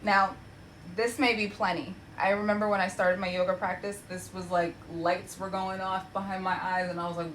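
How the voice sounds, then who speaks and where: Young female yoga teacher, chatty encouraging cues, mid-pitched, faint room hiss. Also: normal speed, rough recording. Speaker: yoga instructor. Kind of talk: guided yoga class cues. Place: home practice space.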